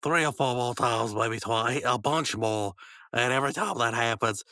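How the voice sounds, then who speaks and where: Man, podcast host, bright tone, teasing and rambling, dry close mic. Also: mid-range voice, normal speed, no echo. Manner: teasing, rambling, acts out lines. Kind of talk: casual recap chat.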